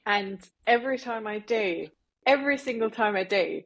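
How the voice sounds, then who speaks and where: A woman tells a story in a relaxed podcast chat, laughing often and packing in "like" and "uh". She talks at a middling pitch and an easy pace. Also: normal speed. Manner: giggly, full of fillers like "like" and "uh". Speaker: podcast co-host.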